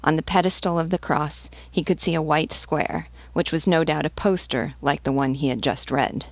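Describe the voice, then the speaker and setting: A woman reading a novel aloud as a teacher, in a measured, even storytelling manner. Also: deep voice, dry recording.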